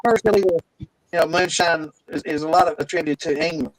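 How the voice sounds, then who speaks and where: A man's voice: a little high, fairly quick, poor audio. Skeptical man on a breaking-up mic. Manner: skeptical, hesitant, full of fillers. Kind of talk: casual chat. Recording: breaking-up mic with chatter behind.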